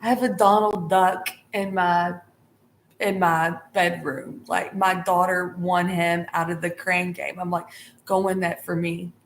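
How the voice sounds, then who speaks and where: A woman's voice: on the low side, little pitch movement, unhurried. A middle-aged woman telling a rambling story to her viewers, full of fillers and restarts. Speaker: tarot vlogger. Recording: echoey room with faint hiss.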